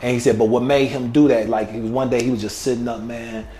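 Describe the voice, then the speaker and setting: A man's voice: mid-range voice, level tone, fast, dark tone. Laid-back male comedian, roomy sound. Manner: laid-back storytelling with frequent filler phrases. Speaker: comedian guest. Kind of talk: casual interview talk. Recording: roomy echo with faint noise.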